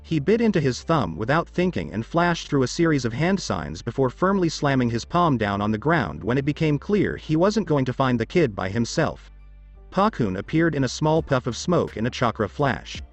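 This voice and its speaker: A man narrating fan fiction in an expressive storytelling read. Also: mid-range voice, normal speed, faint music behind.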